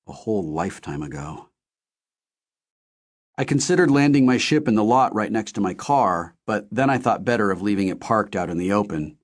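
A man with a fairly low voice narrates a novel in the first person. His reading is steady and measured, an audiobook storyteller.

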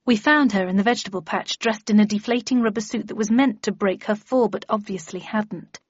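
A woman's voice: mid-range voice, a little fast, breathy edge, dry recording. A woman narrating a first-person audiobook in a dry, wry storytelling manner. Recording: dry, slightly dull audio.

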